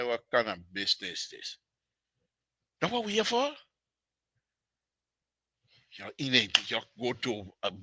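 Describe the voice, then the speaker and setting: A man's voice: medium pitch, bright, forceful tone, no room sound. A man with a Liberian English accent, giving heated political commentary on radio, repeating phrases as he scolds and mocks.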